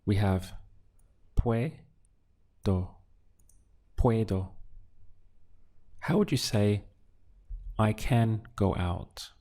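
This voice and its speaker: Male teacher, slow and gravelly, steady drill-and-answer delivery. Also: fairly low pitch. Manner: prompts a phrase then answers it slowly, word by word. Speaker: language teacher. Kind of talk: slow drill-style language lesson.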